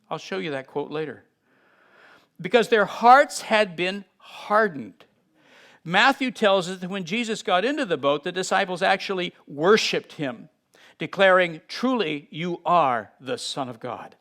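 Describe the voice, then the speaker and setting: A fairly high-voiced, middle-aged man teaching from the Bible. He reads a passage, then breaks off into lively asides, swinging between soft and loud as he acts out the story. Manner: animated, acts out scenes with sudden shifts in loudness.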